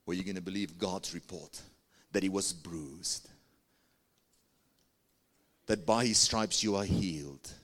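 Unhurried and slightly bright, this South African man preaches to his church with long pauses. With broad pitch swings, he urges the congregation to answer and put up their hands.

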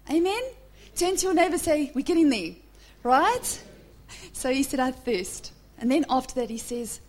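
A woman pastor delivers a sermon in a high voice. She swings between hushed whispers and loud, slow declarations, and she often calls out to the congregation. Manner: drops to a hushed whisper for emphasis.

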